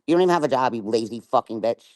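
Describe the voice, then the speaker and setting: A woman's voice: extremely low pitch, animated, very fast, a little mellow. A middle-aged woman rants on her livestream and swears through every line. She taunts and confronts the people she addresses. The sound is dry, with no room echo. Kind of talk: livestream rant.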